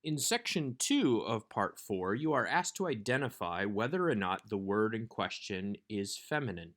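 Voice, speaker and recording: A man giving a recorded workbook lesson as a Hebrew instructor, explaining grammar in a measured way. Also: fairly low pitch, sing-song, a bit bright.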